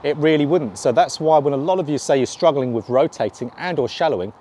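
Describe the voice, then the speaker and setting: A man's voice: on the high side, fast, dark tone, a little hiss or hum. Man explaining a golf swing lesson. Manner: explanatory, counts points off. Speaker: golf coach.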